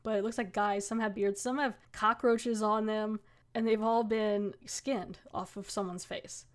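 A woman's voice: mid-range voice, fairly even intonation, unhurried. A woman podcast host casually recapping a TV episode, chatty, with many fillers and laughs. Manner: chatty, lots of "like", laughs often.

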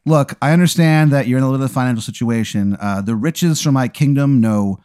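A man's voice: medium pitch, a little fast, darkish tone, clear, resonant tone, dry recording, clean studio sound, close to an everyday voice. A man voicing a regal, foppish aristocratic count who pushes a deal. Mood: persuasive.

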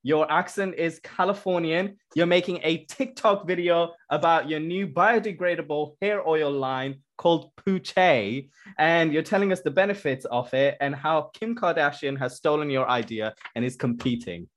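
A man hosting a podcast, asking quick questions and setting up improv games with short, brisk acknowledgements. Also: a little high. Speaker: podcast host. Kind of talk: casual interview.

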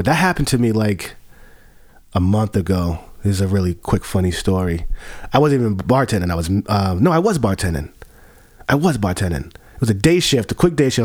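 A man's voice: on the low side, darkish tone. A man who works as a bartender tells a profane story in casual chat, laughing along as he goes.

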